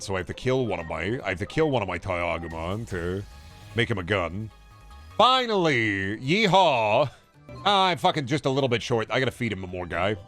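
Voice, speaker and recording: Here a gaming streamer with a fairly low, fairly bright voice keeps up loose, joking chatter while he plays. The talk rambles, and he breaks into silly voices and occasional profanity.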